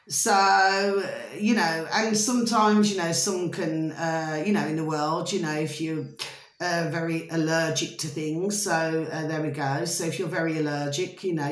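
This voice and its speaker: A low-voiced woman, heard with reverb, rambles casually to her vlog audience while hot and itchy. She's chatty and repeatedly asks "okay?" and "do you see?"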